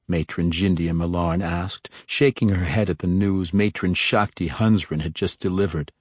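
Man reading a fantasy audiobook, lowish voice, steady pace, dry close sound. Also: normal speed, few pauses, dry recording. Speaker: audiobook narrator. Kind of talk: scripted fantasy narration.

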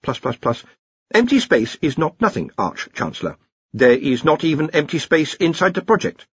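Quiet flat thinking machine, patient and mechanical, a guy reading it, kinda husky, dull lo-fi sound. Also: on the high side, moderate pace, no room sound, voice pushed up, full character voice.

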